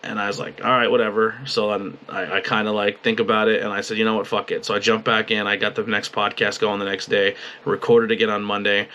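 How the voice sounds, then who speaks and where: Low-voiced man rambling in a video journal. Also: level tone, pushed and bright, lo-fi sound. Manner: rambling, halting, swears freely, emotional. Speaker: podcast host and wrestling commentator. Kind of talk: emotional personal video journal. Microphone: webcam at a desk.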